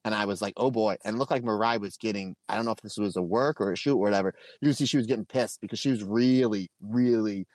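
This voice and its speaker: A man co-hosting a podcast, telling stories and ranting about wrestling in an animated, emphatic way. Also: fairly low pitch, fast talker, few pauses, dry recording. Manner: animated storytelling, emphatic and laughing. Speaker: podcast co-host. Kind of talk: casual podcast review chat.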